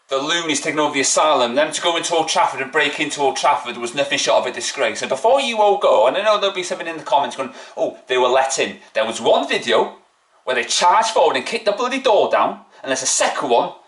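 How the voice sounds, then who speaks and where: A man's voice: a little high, fairly bright tone, roomy sound. A man, a football fan vlogger ranting after a match, mocking and indignant, full of rhetorical questions. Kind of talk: opinionated fan rant.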